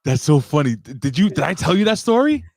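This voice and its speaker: A man's voice: fairly high pitch, very animated, quick pace. A man co-hosting a podcast, telling stories in a loose, joking way. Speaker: podcast co-host. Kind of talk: casual podcast chat.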